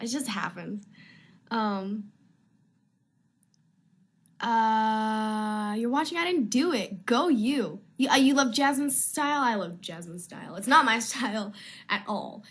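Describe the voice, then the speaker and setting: A woman's voice: on the high side, measured pace, husky. A young woman actress chatting casually on a live video stream from home, answering fan questions in a rambling, easily sidetracked way.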